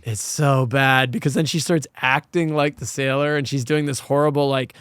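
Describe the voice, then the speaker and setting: A man's voice: mid-range voice, steady tone, moderate pace, fairly bright tone, a little hiss or hum. A man hosting a casual podcast, rambling and swearing with lots of fillers. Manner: rambling, profane, many fillers. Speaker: podcast host.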